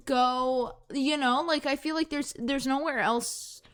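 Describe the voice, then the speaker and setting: A young woman co-hosting a casual podcast chat, rambling and halting with lots of fillers and restarts. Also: high-pitched, steady tone, clear, resonant tone. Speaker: podcast co-host.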